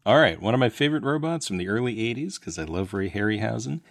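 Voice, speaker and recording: A man's voice: fairly low pitch, lively intonation, fast talker, vocal fry, no room sound, clean studio sound. A man on a casual panel, speaking fondly and with enthusiasm.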